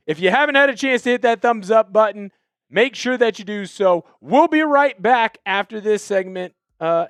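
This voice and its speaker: A man's voice: sits high, clean tone, dry recording. Hyped man hosting a sports stream. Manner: hyped and energetic, shouting out viewers. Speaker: sports show host. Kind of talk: live-stream sports chat.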